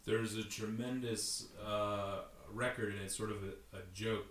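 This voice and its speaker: A man chatting casually, enthusiastic and quick to laugh, talking in bursts. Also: on the low side, fairly even intonation, a bit bright, echoey room. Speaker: conversation partner. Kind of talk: casual chat.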